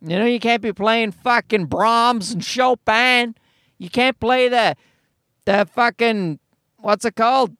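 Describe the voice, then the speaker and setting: A man's voice: very high voice, slow, a bit bright, smooth, no room sound, clean studio sound. A middle-aged man hosting a podcast alone, talking in a rambling, profane, self-mocking way. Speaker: podcast host. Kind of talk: casual solo podcast monologue.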